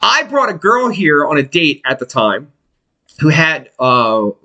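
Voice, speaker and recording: A man's voice: fairly high pitch, unhurried, muffled recording. A man telling a long personal story in casual chat, swearing freely and acting out what people said. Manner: animated, profane, acts out quotes.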